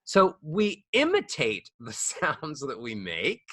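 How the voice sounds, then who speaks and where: A man's voice: fairly high pitch, huge pitch swings, slow pace, bright, forceful tone, dry recording, studio quality. A man talking as a voice coach guest on a podcast, playful and acting out the voices of others. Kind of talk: animated podcast conversation.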